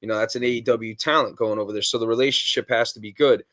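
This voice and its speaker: A man in a middle pitch range talking wrestling booking on a podcast, casual and blunt. He drops swear words freely and keeps throwing out guesses about surprises. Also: steady tone, quick pace, a bit bright, dry recording, studio quality. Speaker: podcast co-host.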